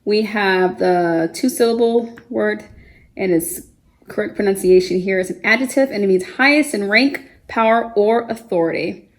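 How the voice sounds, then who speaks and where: A woman gently teaches a children's vocabulary lesson, slowly spelling words out letter by letter and pausing with fillers. Her voice sits at an ordinary middle pitch. The recording carries a noticeable room echo. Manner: gentle and encouraging, with frequent fillers. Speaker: homeschool teacher. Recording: echoey room.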